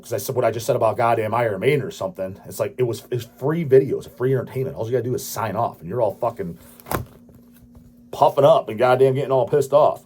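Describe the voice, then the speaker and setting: A man's voice: mid-range voice, darkish tone, slightly rough. A man in his late thirties hosting his own channel, answering viewer questions in a crude, profane, dismissive rant. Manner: crude, swearing, dismissive ranting. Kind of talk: profane ranting casual talk.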